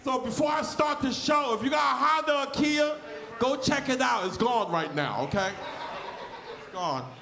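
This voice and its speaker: A man in his forties with a lisp, doing a loud, crude stand-up comedy set on stage, often shouting at the crowd. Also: extremely high pitch, expressive, moderate pace, vocal fry, reverberant, over music. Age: 40s.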